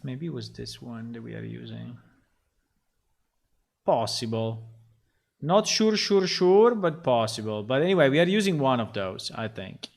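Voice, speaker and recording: A man's voice: medium pitch, big pitch swings, a little slow, creaky, long pauses. A man casually talking through his game development work on a livestream, rambling and muttering to himself as he goes. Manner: rambling, talks to himself, gets frustrated and swears.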